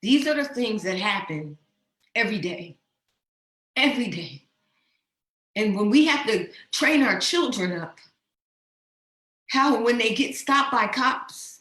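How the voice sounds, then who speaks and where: A woman's voice: a little high, fairly bright tone. Woman in her fifties, impassioned and emotional host address, echoey room. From New Jersey, USA. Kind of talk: heartfelt personal address. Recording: roomy echo.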